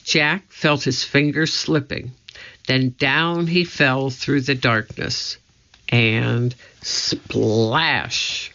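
An audiobook narrator giving a measured, deliberate storybook reading on a dull lo-fi recording. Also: medium pitch, fairly even intonation, sharp tone.

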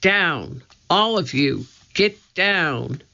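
A reader voicing a bold, fierce young girl who gives excited orders in a children's storybook. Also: medium pitch, very slow, vocal fry, pitched above the performer's own voice, full character voice. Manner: excited, commanding. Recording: muffled lo-fi recording.

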